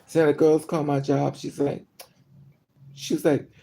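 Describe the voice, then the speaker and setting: Raspy woman with a low dark rumble, livestreaming and telling a story, gets loud and worked up. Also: unhurried. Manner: chatty, animated retelling with rising outbursts. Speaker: livestream host. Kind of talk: casual storytelling.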